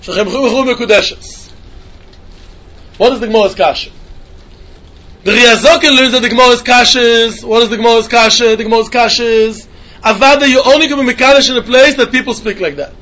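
Fast-talking male Talmud teacher, singsong back-and-forth reasoning. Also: extremely high pitch, sharp tone. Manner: sing-song questioning, repeats phrases, mixes Yiddish and Hebrew terms. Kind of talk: yeshiva-style Talmud lesson.

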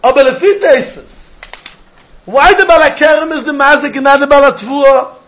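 A man teaching a Talmud lesson, lively and questioning, mixing in Yiddish and Hebrew terms. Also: very high voice, normal speed. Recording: dull lo-fi recording.

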